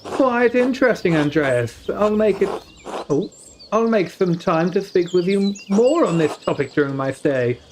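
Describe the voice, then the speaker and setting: A man's voice: sits high, animated, unhurried, slight background noise, voice pushed up. A man voicing a courteous noble lord in a raised, airy tone while reading game dialogue aloud. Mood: intrigued.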